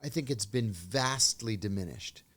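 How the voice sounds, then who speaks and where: A middle-aged man, a former intelligence officer, telling measured anecdotes as an interview guest. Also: on the low side, animated, fairly bright tone. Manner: measured anecdotal storytelling, acts out quoted dialogue. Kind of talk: storytelling in an interview.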